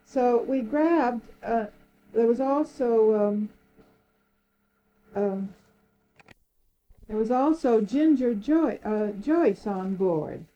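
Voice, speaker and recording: Older lady reminiscing, highish mellow voice, laughs a lot telling stories. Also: very slow, pauses often, highs cut off, a little hiss or hum. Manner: lively storyteller, laughs often, acts out quoted speech. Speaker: interviewee. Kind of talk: oral history reminiscence.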